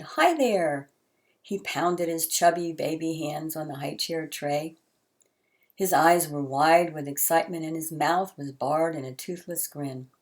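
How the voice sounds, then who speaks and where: A woman hosting a short show, reading a heartfelt story aloud in a soft, earnest way with drawn-out pauses. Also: low-pitched.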